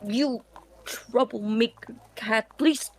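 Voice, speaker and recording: A woman voicing a gentle male warrior character in a tabletop game. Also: on the high side, slow pace, slight background noise. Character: gruff kindly male knight character.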